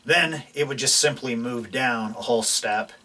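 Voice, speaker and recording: A man's voice: mid-range voice, moderate pace, distant mic. A man teaching a casual guitar lesson, explaining loosely with lots of fillers and restarts. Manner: relaxed, explains while playing, many fillers and restarts. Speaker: guitar instructor. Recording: voice from off mic, guitar playing behind.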